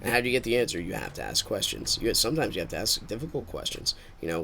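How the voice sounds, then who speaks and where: A man's voice: on the low side, animated, fast, creaky, bright, forceful tone, a little hiss or hum. A man streaming a game with casual commentary, rambling and thinking aloud as he drifts into musings.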